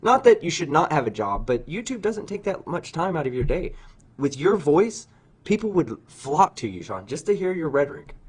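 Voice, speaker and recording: An excitable man whose pitch swoops widely as he talks. He is emphatic and swears freely, and he keeps talking over others in a loose livestream chat. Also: normal speed, husky.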